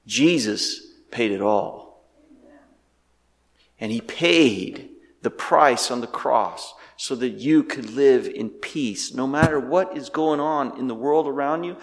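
A male pastor preaching a sermon with animated delivery, firing off rhetorical questions and swinging between loud and hushed. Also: medium pitch, long reverb tail.

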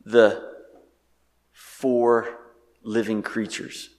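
A male pastor delivers an animated sermon, peppering it with rhetorical questions and moving between loud and hushed passages. His voice is lowish and extremely slow, with a long reverb tail trailing behind.

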